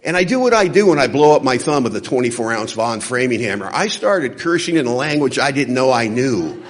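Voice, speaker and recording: A man telling a personal story at a recovery convention, with a middle-pitched voice that swings widely as he acts out each exchange. The sound carries a long reverb from a big hall. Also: brisk. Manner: animated storyteller acting out dialogue. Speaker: recovery speaker. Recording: hall reverb from a large venue.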